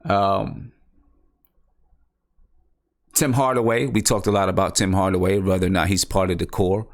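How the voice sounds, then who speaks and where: A man's voice: sits low, fairly even intonation, normal speed. A man hosting a casual live-stream basketball show, thinking aloud and repeating himself as he talks. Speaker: basketball podcast host.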